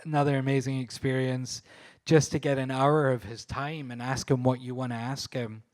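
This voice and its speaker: At a live panel, a Scottish photographer eagerly recounts stories, laughing frequently and stumbling into restarts and filler words. He has a Scottish accent and a mid-range, darkish voice that doesn't move much in pitch, delivered at normal speed.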